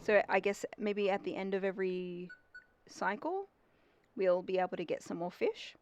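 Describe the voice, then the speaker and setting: A woman's voice: medium pitch, moderate pace, a little mellow, lo-fi sound, slight background noise. Casual streamer: young woman, chatty, reacting to a game and talking to chat.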